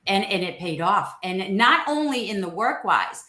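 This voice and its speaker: A woman co-hosting, telling a story in an animated way and acting out the quoted dialogue. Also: medium pitch, normal speed. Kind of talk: casual storytelling. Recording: roomy echo.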